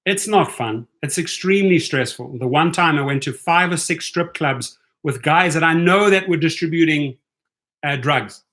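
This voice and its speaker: Bright-voiced man chatting on a livestream. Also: on the high side, normal speed. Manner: chatty, keeps asking "right?". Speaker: rideshare channel host. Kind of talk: casual livestream chat with viewers.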